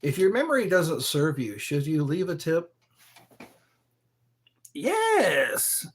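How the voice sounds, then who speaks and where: A man hosting his own live stream, chatting slowly and aimlessly, greeting viewers by name and trying to recall old movies. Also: fairly high pitch, sing-song. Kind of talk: rambling live stream chat.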